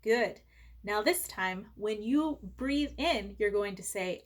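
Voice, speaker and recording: A woman teaching a Sunday school lesson to young children, speaking gently and encouragingly, slow and clear. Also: mid-range voice, animated.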